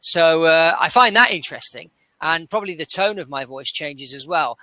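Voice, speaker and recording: A man's voice: a little high, lively intonation, normal speed, pushed and bright, no room sound. A man with an English accent chatting casually as an interview guest, thinking aloud and restarting his sentences. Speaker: interview guest, aircraft dealer. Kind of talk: casual chat.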